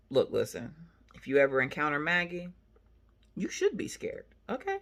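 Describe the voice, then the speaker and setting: A woman hosting a casual vlog, telling a family story in an animated, emphatic way with sassy asides. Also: deep voice, normal speed. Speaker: channel host, mother.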